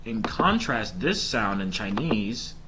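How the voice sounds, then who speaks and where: A man's voice: lowish voice, very animated, slow, noisy background. A man casually explaining his language study plan and pronunciation practice to viewers, with chatty filler ums. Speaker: language learner vlogger.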